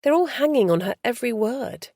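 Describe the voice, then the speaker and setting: Lady narrator doing a fussy doting shop helper, a bit higher, gravelly. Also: expressive, brisk, dark tone, dry recording, clean studio sound. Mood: marvelling.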